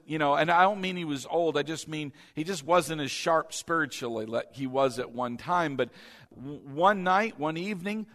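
Brief: male pastor, raised pitch, conversational sermon with call-and-response, long hall reverb. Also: a bit bright.

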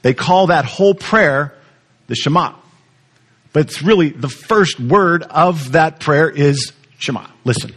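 A man preaching a sermon, teaching with lively repetition and questions to the congregation. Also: a little high, slow pace, husky. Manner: animated teaching, repeats words, asks the audience questions. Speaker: pastor.

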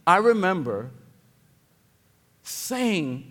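A man preaching a sermon as pastor, dropping to quiet reflection and then building to loud, emphatic declarations. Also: medium pitch, a little slow. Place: church sanctuary. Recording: long hall reverb.

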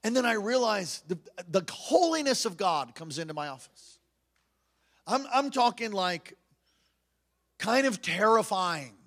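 A pastor preaching a sermon, emphatic and repetitive, swinging between loud bursts and hushed passages. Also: male voice, high voice, big pitch swings, measured pace, long pauses.

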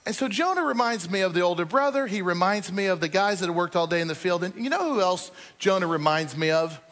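Pastor, male, high voice, storytelling sermon that acts out its characters, long hall reverb. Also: animated, brisk, a bit bright. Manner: storytelling, acting out quoted speakers.

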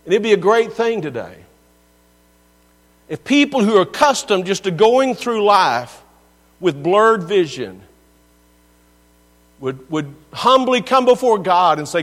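Earnest preacher in a reverberant church. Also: male voice, high-pitched, very animated, a little slow, long pauses, fairly bright tone. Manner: earnest, pleading, rising and falling in intensity. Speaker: pastor. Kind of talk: sermon. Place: church sanctuary. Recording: long reverb with mains hum.

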